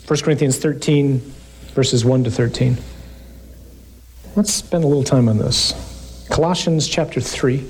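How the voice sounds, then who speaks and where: A man preaching to a live congregation, reading scripture slowly and with emphasis, then breaking into quick, joking asides. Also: mid-range voice, a little hiss or hum.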